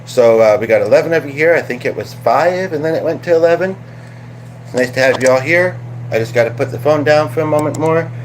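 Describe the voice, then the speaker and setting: A man's voice: on the high side, fairly quick, a little hiss or hum. A man from Canada hosting a casual livestream chat, playful and chatty, slipping into little sung bits. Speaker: livestream host.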